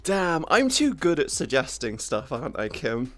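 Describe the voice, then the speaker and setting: A woman's voice: low-pitched, moderate pace, soft background music. Giggly, foul-mouthed woman streamer. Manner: laughs often, swears freely, animated and teasing. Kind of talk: casual livestream chat.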